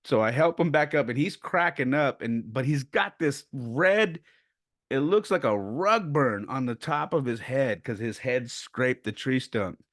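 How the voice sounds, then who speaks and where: A man's voice: medium pitch, measured pace, no echo, clean studio sound. Man in his forties telling stories. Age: 40s. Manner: animated storyteller who acts out quoted voices; turns quiet and subdued when speaking of loss. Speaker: podcast host. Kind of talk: casual personal storytelling.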